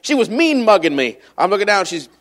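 Middle-aged male preacher from Michigan, slightly high voice, folksy and humorous sermon delivery. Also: big pitch swings, brisk, a bit bright. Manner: folksy and joking, with scripture read aloud in a raised voice. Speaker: visiting preacher.

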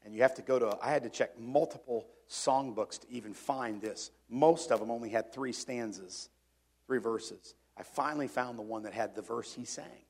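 A man preaching a sermon in an earnest way. He swings between emphatic rising points and quiet, reflective reading. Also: mid-range voice, normal speed, breathy edge. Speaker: pastor.

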